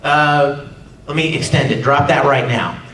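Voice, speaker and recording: A man speaking on a live convention panel, lively and chatty, now and then acting out character lines and yells. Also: on the high side, unhurried. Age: adult, no longer sounds young. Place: large convention hall with audience. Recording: echoey hall taped from far off with crowd.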